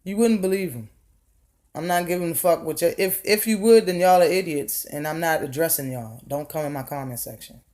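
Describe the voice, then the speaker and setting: A woman's voice: low-pitched, brisk, darkish tone. A woman vlogger ranting her opinion bluntly, swearing freely and firing off rhetorical questions, often repeating words for emphasis. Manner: blunt, profane, heated rant. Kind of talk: opinion rant vlog.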